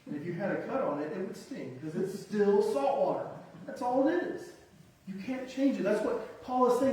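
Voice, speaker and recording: Mellow-voiced male preacher in an echoey hall. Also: sits high, expressive, normal speed, distant mic. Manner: emphatic, builds to punchy one-word lists; self-deprecating, conversational asides. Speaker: pastor. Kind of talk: sermon.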